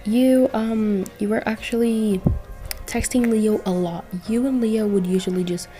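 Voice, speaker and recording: Chatty woman telling a fanfic story, low dark voice, quiet music under it. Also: steady tone, unhurried. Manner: rambling, chatty, self-correcting. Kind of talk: casual fan-fiction narration.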